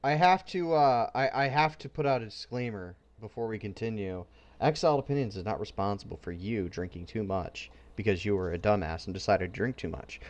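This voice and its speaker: A man hosting a casual podcast, talking in animated banter with frequent fillers. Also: on the low side. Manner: animated, laughs often, drawn-out fillers. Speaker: podcast host.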